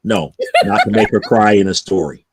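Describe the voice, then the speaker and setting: A man's voice: fairly low pitch, normal speed, slightly rough, no room sound. A man co-hosting a casual chat, telling stories and acting out what people said, often stumbling over repeated words. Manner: storytelling, repeats words, acts out quotes. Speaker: co-host.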